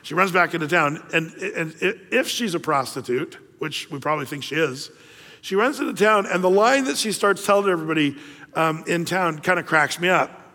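Pastor, somewhat high-voiced man, casual storytelling sermon full of fillers, long hall reverb. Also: lively intonation, normal speed, pushed and bright. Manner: conversational, storytelling, many fillers and restarts.

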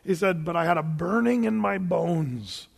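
High-voiced man preaching in a reverberant hall. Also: expressive, normal speed, vocal fry, breathy edge. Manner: conversational preaching with fillers and rhetorical questions. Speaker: pastor. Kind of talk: sermon.

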